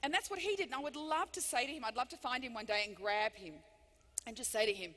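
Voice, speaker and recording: A woman giving a live motivational keynote speech, animated and emphatic, swinging between loud bursts and hushed lines. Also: medium pitch, a little fast. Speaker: motivational speaker. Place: large hall before thousands of people. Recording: long reverb of a big hall.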